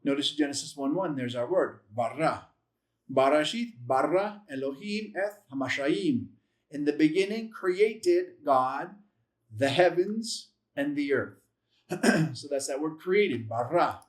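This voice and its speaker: In a classroom-style language lesson, an animated Bible Hebrew teacher with a fairly high-pitched voice works through the material patiently, step by step. Each letter gets sounded out slowly, and syllables are repeated several times. He fixes his own mistakes with gentle, self-deprecating jokes.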